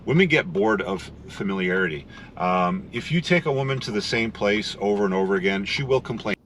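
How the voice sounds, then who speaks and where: A man co-hosting a podcast, explaining his views in a measured way, with many "you know" fillers. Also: on the low side, lively intonation, fairly bright tone, slight background noise. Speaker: podcast co-host. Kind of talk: casual chat, explaining relationship advice.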